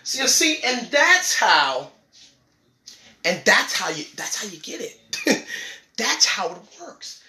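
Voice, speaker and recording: A man's voice: high-pitched, big pitch swings, takes it slowly, long pauses, pushed and bright. A man hosting a podcast, joking and slangy, laughing often in a comic monologue. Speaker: podcast host. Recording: roomy, away from mic.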